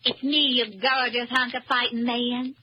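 A woman's voice: on the high side, flat delivery, measured pace, natural voice. An actress playing a woman who mockingly imitates a belle in a 1940s radio comedy, coy and cooing. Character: mock southern belle, a teasing imitation. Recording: dull, noisy old radio recording.

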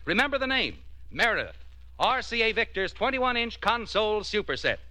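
A man's voice: sits high, very animated, moderate pace, pushed and bright. A man announcing a commercial and introducing a radio program, in a polished, emphatic delivery. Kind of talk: scripted commercial read.

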